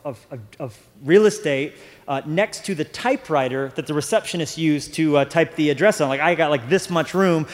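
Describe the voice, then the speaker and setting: Male pastor, young adult, slightly high voice; rambling storyteller who builds to fervent preaching; big reverberant hall. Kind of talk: sermon with personal story.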